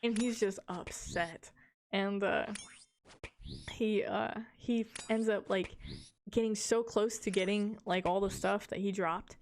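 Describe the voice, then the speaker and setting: A woman's voice: mid-range voice, steady tone, takes it slowly, slight background noise. A woman streamer telling a long story in casual chat, rambling with lots of fillers, laughing often and swearing casually.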